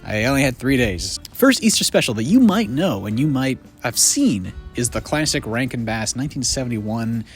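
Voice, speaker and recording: A man's voice: mid-range voice, normal speed, few pauses, soft background music. A man hosting a casual comedic movie retrospective outdoors under a tree, rambling and jokey. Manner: rambling, jokey, animated with voice jumps. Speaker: video essay host.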